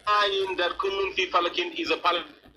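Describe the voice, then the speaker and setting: A man's voice: high-pitched, steady tone, rapid-fire, crowd noise, poor audio. A man calling into a live debate, sounding hesitant and defensive and often trailing off mid-sentence. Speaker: caller. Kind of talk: heated live call-in debate.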